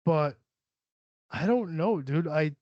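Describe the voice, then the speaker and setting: A man's voice: fairly high pitch, expressive, slow, dry recording. A man hosting a podcast, chatting casually in a rambling, profane way and laughing often. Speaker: podcast host. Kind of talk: casual solo podcast chat. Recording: dull, lo-fi sound.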